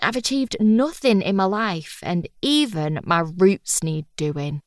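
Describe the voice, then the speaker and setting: A woman's voice: medium pitch, expressive, takes it slowly, dry recording, studio quality. A woman reading a first-person audiobook in a wry, chatty, confiding manner. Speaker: audiobook narrator.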